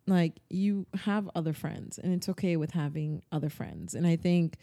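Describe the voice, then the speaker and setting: Mellow, earnest young woman co-host. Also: lowish voice, lively intonation, moderate pace. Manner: earnest, reflective, many "like" and "I think". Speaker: podcast co-host. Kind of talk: casual chat.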